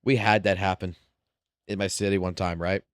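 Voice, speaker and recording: A man's voice: sits low, flat delivery, normal speed, smooth, no echo, clean studio sound. Profane man telling a rowdy story. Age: adult with wife and children. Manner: profane, rambling, laughs through his own story. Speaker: live streamer. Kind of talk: casual storytelling on stream.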